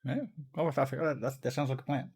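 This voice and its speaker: A man's voice: medium pitch, steady tone, darkish tone, slightly rough. An Australian man hosting a casual chat, talking with frequent restarts. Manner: chatty, laughing, halting restarts. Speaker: host.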